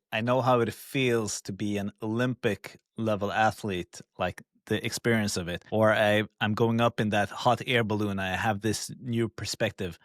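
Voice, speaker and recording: A man with a somewhat low voice asks an interview guest questions, recorded dry and close. He feels his way through each question and tries a few phrasings before settling on one. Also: no room sound. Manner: searching for words as he asks. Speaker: podcast host.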